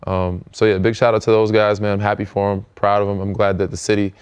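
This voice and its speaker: Fast-talking low-voiced American man. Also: clear, resonant tone. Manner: relaxed, rambling, many fillers. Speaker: podcast host, pro basketball player. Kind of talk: casual chat.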